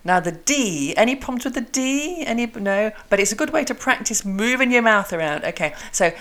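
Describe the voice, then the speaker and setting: A woman who hosts a podcast and teaches English, chatting casually while demonstrating tongue twisters slowly and crisply. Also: fairly high pitch, expressive, fairly bright tone.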